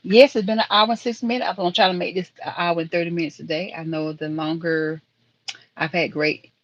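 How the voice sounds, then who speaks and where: A woman's voice: lowish voice, steady tone, brisk, highs cut off. A woman hosting a casual live stream, chatting and rambling to viewers in the chat. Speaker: livestream host.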